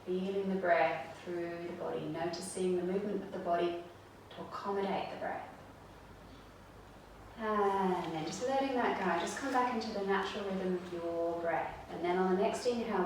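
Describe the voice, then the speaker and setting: A woman yoga instructor calmly guiding a seated chair yoga routine, cueing breath and movement step by step. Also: on the low side, normal speed, a little hiss or hum. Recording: very echoey room, mic far off.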